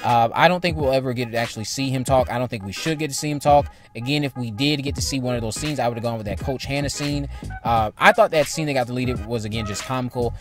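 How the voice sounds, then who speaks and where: Man giving opinionated movie commentary. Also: mid-range voice. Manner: opinionated, repeats points, rambling.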